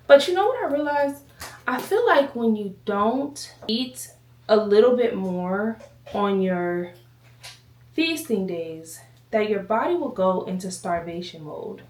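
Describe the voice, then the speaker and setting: Taking it slowly, a woman with a mid-range voice and lively intonation chats casually to camera at home. She rambles while slightly out of breath and addresses viewers as y'all, her voice distant and echoey.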